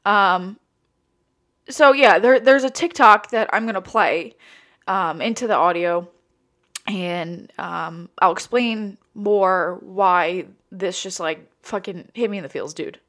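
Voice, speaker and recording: A woman's voice: medium pitch, slow pace, fairly bright tone. A woman hosting a solo podcast, tearful and rambling, with frequent restarts and casual swearing. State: tearful, voice breaking. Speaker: podcast host. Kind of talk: emotional solo podcast monologue.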